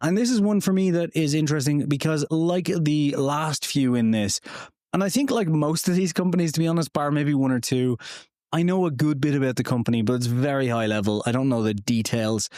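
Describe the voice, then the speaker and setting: A man's voice: on the high side, fairly quick, a little mellow, no room sound. A man hosting a solo car history podcast in a small home studio, rambling and poking fun at himself, with lots of fillers. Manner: rambling and self-deprecating, many fillers. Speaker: podcast host.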